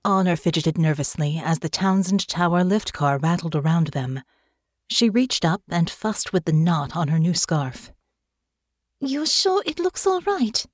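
A woman reads a fantasy audiobook as scripted narration, her storytelling measured and even. Her voice sits low, captured in a dry, studio-quality recording.

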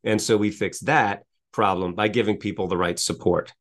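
A man's voice: fairly low pitch, fairly even intonation, moderate pace. A middle-aged man, a business coach, speaking energetically in an interview with a repetitive motivational cadence and frequent rhetorical questions.

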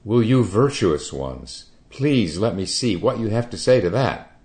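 A man voicing a calm old male Chan master with a dry wit, questioning in a measured, quietly pointed way. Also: lowish voice, voice pushed up. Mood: challenging.

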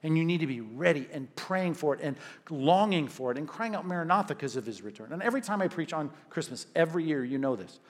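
Pastor guy preaching, lively and chatty, keeps saying right?, kinda high voice. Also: fast talker, hardly any pauses. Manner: animated, conversational preaching with frequent "right?". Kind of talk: sermon.

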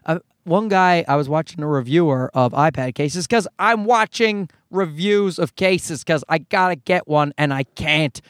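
A man's voice: fairly high pitch, measured pace, few pauses, no room sound, clean studio sound. A middle-aged man from Canada doing a casual, sarcastic ranting monologue to viewers, full of swearing and mocking put-on voices. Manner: sarcastic, profane, mock voices for quotes. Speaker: vlogger.

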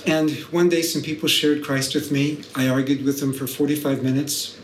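A middle-aged man tells his story in a thoughtful way, with touches of dry humour. His voice sits a little high for a man, and the recording is roomy, with faint noise behind him. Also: fairly even intonation, moderate pace. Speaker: guest, professor and scholar. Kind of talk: podcast interview.

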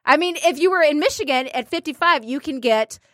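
A woman telling an animated story in a casual podcast chat. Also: high-pitched, fairly quick, no room sound, clean studio sound.

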